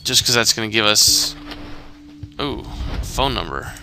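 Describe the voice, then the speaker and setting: A man's voice: lowish voice, expressive, unhurried, loud music behind the voice. A man casually commentating a mystery game, rambling and thinking aloud. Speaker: gamer. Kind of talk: let's play commentary.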